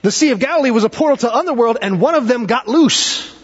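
High-voiced male pastor preaching in a hall. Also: expressive, fast talker, slightly rough. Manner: dramatic swings in pitch and pace, conversational asides. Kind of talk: sermon. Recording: dull sound with long hall reverb.

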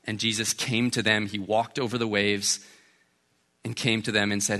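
Bright-voiced male pastor preaching. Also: lowish voice, level tone, moderate pace. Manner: conversational, keeps asking "right?". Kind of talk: sermon.

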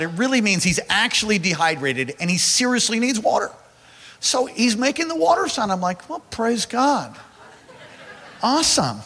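Animated high-voiced male preacher in a hall. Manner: animated, addresses congregation directly. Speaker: pastor. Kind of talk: sermon with personal storytelling. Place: large hall or church.

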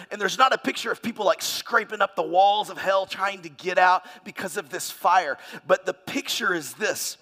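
A man preaching a sermon, expressive and dramatic, acting out the voices he quotes with sudden swings in pitch and loudness. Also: normal speed, hardly any pauses. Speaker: pastor.

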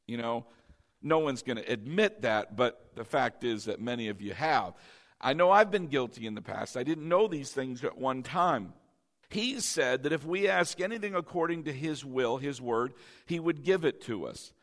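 A man's voice: medium pitch, expressive, normal speed, a bit bright. A man preaching a sermon to a congregation, stressing and repeating key phrases. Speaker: pastor.

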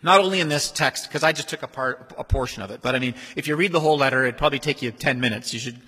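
A man preaching a sermon as pastor, in a conversational, animated way. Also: medium pitch, fast, husky. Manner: conversational, animated, acts out quoted voices. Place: church sanctuary. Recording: long hall reverb.

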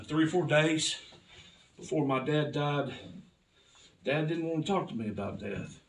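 A man's voice: fairly high pitch, animated, unhurried, distant mic. A man, preaching a personal testimony with impassioned storytelling that builds to fervent cries. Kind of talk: sermon testimony.

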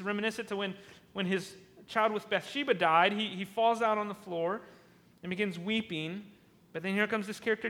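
A pastor with a voice that sits high and a fairly bright tone preaches a sermon, retelling a scripture passage and acting out its lines. He often repeats and restarts words, and the sound has a long reverb tail.

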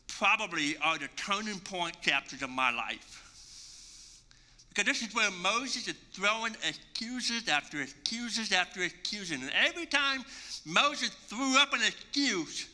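A male pastor preaching a sermon, conversational and animated as he tells the story. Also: high voice, big-room sound.

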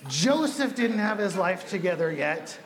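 High-voiced casual youth pastor. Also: male voice, a little slow. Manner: casual, storytelling, animated asides. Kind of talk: sermon.

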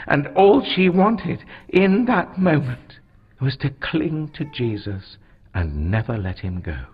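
Man reading a bible storybook, low husky voice, swoops way up and down, muffled lo-fi sound. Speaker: storybook narrator. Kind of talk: expressive storybook narration. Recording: dull lo-fi recording.

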